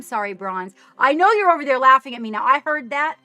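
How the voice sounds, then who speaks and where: A woman live-streaming from her home studio, chatting casually with viewers, bubbly and quick to laugh at herself. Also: high-pitched, lively intonation, sharp tone, no echo, faint music behind.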